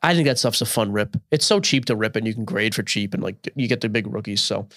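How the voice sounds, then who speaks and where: Hoarse-voiced man on a podcast. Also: on the low side, a bit bright, no room sound, studio quality. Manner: blunt, quick answers. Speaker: podcast co-host. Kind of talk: casual chat.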